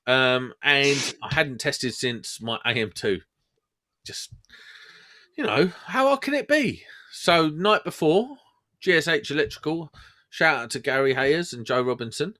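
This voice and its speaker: Give me a man hosting a podcast, laddish and full of banter, his voice swinging up and down as he tells a story at a mid pitch. He talks in casual chat. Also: pushed and bright. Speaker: podcast host.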